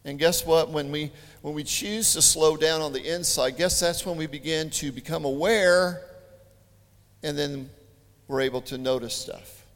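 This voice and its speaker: A man preaching a sermon, telling stories in an animated, chatty way with joking asides. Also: a little high, a little slow. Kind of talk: storytelling sermon. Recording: long hall reverb.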